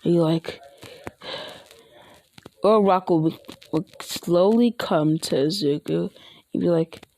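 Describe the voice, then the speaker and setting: A woman's voice: on the low side, slow, vocal fry, long pauses, dark tone. Rambling woman improvising a fan story. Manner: rambling, many restarts and fillers. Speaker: online video creator.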